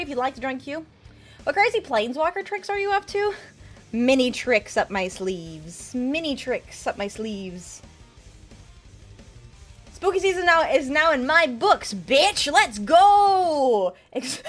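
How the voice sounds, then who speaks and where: Bubbly high-voiced woman streamer. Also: a bit bright. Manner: bubbly, swears casually, reads chat aloud. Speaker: VTuber streamer. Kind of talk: casual live-stream chat.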